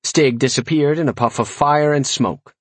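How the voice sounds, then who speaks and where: A man's voice: fairly high pitch, normal speed, breathy edge, no echo. A man narrating a first-person fantasy audiobook in a wry, conversational way.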